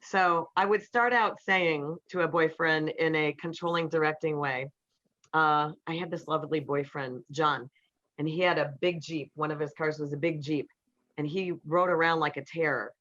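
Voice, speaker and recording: Middle-aged female speaker, animated storyteller, bright tone, dull lo-fi sound. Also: sits low, moderate pace. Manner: animated storyteller who acts out quotes. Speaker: relationship counselor speaking to an audience. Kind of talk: storytelling talk to an audience. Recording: slightly dull, muffled recording.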